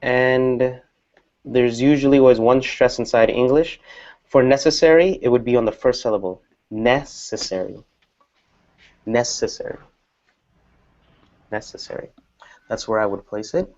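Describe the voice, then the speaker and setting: A man's voice: mid-range voice, moderate pace, darkish tone, highs cut off. A man teaching an English class, explaining patiently and repeating example words.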